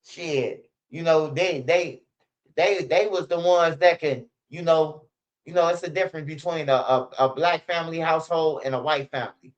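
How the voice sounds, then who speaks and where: A man's voice: a little high, normal speed, muffled recording. A young man, telling stories in a rambling, slang-heavy, profane way as a channel host. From Chicago. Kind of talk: casual storytelling commentary.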